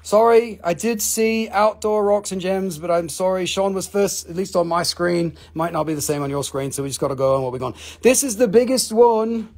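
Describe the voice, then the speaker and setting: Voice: mid-range voice, moderate pace, hardly any pauses, darkish tone. A host selling rocks on a casual live sales show, joking and swearing as they go. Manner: joking, profane, rambling. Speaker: live-stream rock and mineral seller. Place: family rock shop.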